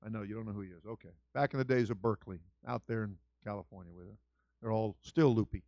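A man preaching a sermon as senior pastor, with a lively storytelling manner that swings from loud to soft. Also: on the low side, quick pace, no echo, muffled recording.

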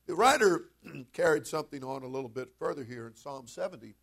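A man preaching a sermon as pastor, energetic, telling stories and building to loud, emphatic preaching. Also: fairly high pitch, brisk, creaky, husky.

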